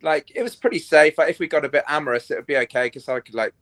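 Bright-toned crude man telling stories. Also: a little high, expressive, rapid-fire, no echo. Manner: crude, rambling storyteller with lots of fillers. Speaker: podcast guest. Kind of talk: casual chat.

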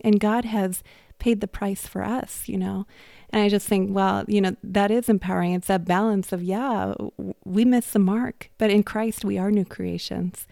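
Gravelly-voiced woman hosting a faith podcast. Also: medium pitch, steady tone, normal speed, mellow, no room sound, studio quality. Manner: reflective, storytelling with acted quotes. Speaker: podcast host. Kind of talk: casual faith conversation. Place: indoors at home or studio, drinking coffee.

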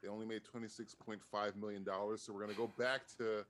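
A man co-hosting a casual movie podcast, excitable and swearing freely as he talks. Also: fast talker, slight background noise. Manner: excitable, swears often, jumps between pitches. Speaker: podcast co-host. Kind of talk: casual movie review chat.

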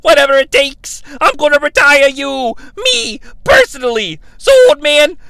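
A man doing a loud, brash wrestling boss from New York. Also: extremely high pitch, huge pitch swings, a little slow, no room sound, full character voice, rough recording. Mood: ranting. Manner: ranting and shouting, self-pitying bluster.

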